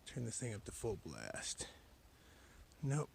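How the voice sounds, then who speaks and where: A man vlogging alone on a forest trail at night, chatting casually to a handheld camera as he walks, sometimes dropping to a hushed whisper. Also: on the low side, animated, brisk, vocal fry, slight background noise. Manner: chatty, drifting between normal voice and hushed whispers. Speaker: solo long-distance hiker vlogging. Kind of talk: casual talk to camera while hiking.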